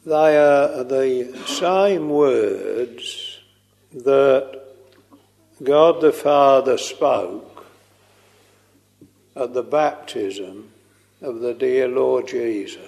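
A man preaching a slow, earnest sermon, tender and pleading as he quotes hymns. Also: mid-range voice, gravelly, darkish tone. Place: church. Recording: long reverb of a large hall.

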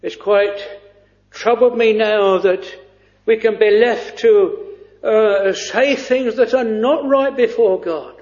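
Slow, high-voiced preacher man, lo-fi. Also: darkish tone. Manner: slow, earnest, with frequent hesitations. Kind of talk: sermon. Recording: dull lo-fi recording.

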